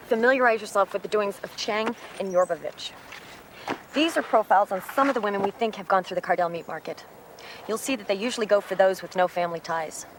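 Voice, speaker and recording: An actress playing a police detective who briefs her team in a brisk, businesslike way. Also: medium pitch, a little hiss or hum, close to an everyday voice. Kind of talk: TV crime drama acting.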